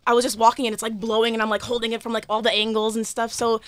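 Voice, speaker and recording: Fast-talking jokey female panelist. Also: fairly high pitch, flat delivery, no room sound, clean studio sound. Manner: quick, jokey. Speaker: panel guest. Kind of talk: casual panel talk.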